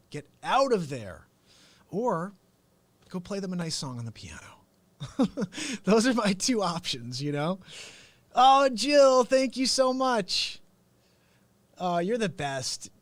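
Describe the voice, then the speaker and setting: Lively, high-voiced male live-stream host. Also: dry recording. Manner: animated storyteller who slips into comic impressions; laughs often and talks straight to viewers. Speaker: host and real estate agent. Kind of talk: unscripted live-stream talk.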